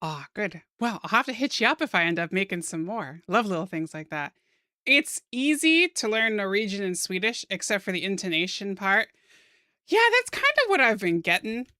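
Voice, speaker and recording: A young American woman streaming while she draws, chatting casually with her viewers in a soft-spoken, giggly way. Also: medium pitch, big pitch swings, moderate pace, dry recording, studio quality. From United States.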